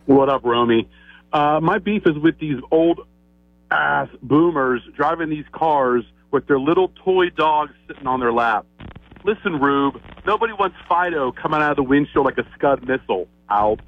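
A man's voice: on the high side, animated, normal speed. Punchy slangy male caller on phone. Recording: tinny phone line.

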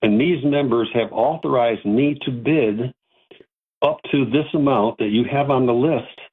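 A man quoting a blunt, flustered middle-aged club president, slightly husky, in a tinny phone-like recording. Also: medium pitch, measured pace. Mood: insistent.

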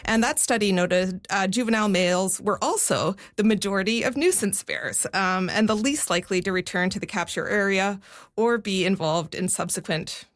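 A woman's voice: medium pitch, moderate pace. A woman giving a conversational radio news report, explaining things step by step with frequent fillers.

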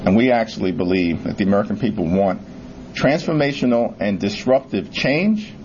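Male politician, press conference statement, low voice, faint rumble behind. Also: lively intonation, moderate pace, darkish tone, highs cut off.

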